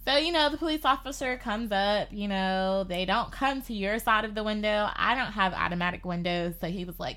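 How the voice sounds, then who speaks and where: A woman telling a personal story in casual podcast chat, animated and filling her talk with "like". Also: medium pitch, normal speed, hardly any pauses. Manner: animated, lots of "like". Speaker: podcast guest.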